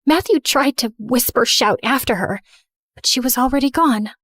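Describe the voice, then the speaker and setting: A woman narrating in first person as a remorseful, misunderstood teenage girl, earnest and soft. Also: a little high, normal speed, no echo, studio quality. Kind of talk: scripted story narration.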